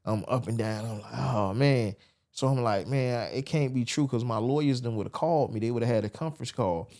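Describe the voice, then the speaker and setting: A man's voice: medium pitch, normal speed, darkish tone. A man, telling his story as a podcast guest and acting out the voices he quotes. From Miami, USA. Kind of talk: storytelling interview.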